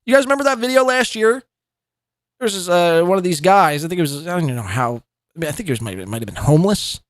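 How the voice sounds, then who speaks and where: A man's voice: high voice, lively intonation, quick pace, no echo. A man hosting a podcast, giving sarcastic, mocking commentary on clips and swearing freely. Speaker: podcast host.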